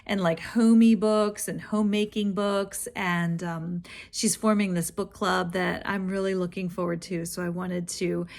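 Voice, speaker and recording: A woman's voice: on the low side, little pitch movement, unhurried, creaky, few pauses. Chatty woman hosting a book channel. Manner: chatty, rambling, warm praise of other creators. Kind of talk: casual chat.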